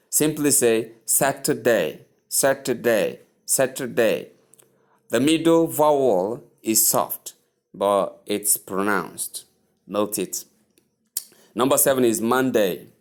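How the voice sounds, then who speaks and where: Slow-drilling male pronunciation teacher. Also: mid-range voice. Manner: slow, repetitive drilling of words; patient, advising tone. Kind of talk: English pronunciation lesson.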